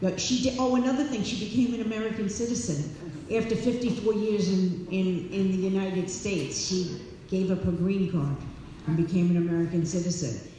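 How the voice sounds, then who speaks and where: Lady telling her recovery story to a crowd, lively, booming hall echo, faint room hum. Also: normal speed, hardly any pauses. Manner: warm, animated storytelling with laughs and repeats. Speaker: speaker at a recovery meeting. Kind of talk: personal recovery share to an audience. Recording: echoey hall, distant mic.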